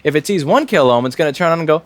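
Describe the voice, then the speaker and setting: Brief: repair technician streaming at his bench, wry and profane, animated pitch. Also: racing, soft background music. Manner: profane, wry, talks to himself and the board. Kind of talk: live repair stream, explaining as he works.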